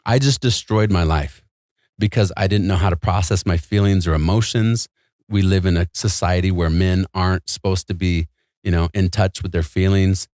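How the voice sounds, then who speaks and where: A man's voice: low-pitched, moderate pace, darkish tone, no echo, studio quality. A man as an interview guest, telling a personal story in a casual, earnest and emphatic way, full of "like" and "man".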